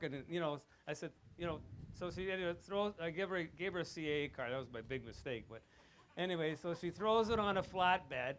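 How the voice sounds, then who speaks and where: A man giving a rambling father-of-the-bride wedding speech, telling anecdotes with chuckles and getting loud and animated. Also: fairly high pitch, brisk, slight background noise. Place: wedding reception.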